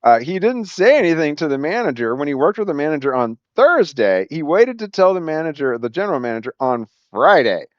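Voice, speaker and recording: A man telling a personal story at a quick clip, with many restarts and acted-out quotes. His voice sits in a middle register. The recording is dry and a little dull, like a lo-fi room mic. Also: fairly high pitch, dry recording. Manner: rambling, animated retelling with acted quotes and frequent restarts. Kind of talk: casual spoken anecdote.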